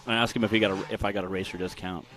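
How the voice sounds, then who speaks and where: A man's voice: sits low, steady tone, racing, noisy background. A man giving casual live commentary on an off-road race, chatty and joking, with restarts and fillers.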